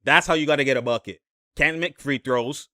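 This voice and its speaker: A man giving a slangy, excited breakdown of basketball game film, laughing often and repeating himself. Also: mid-range voice, a little fast, no echo, clean studio sound.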